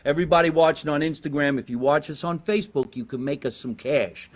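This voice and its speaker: Man, New Jersey accent, live show host, friendly questions, viewer shout-outs. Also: on the high side, fast. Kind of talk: live show interviewing a guest.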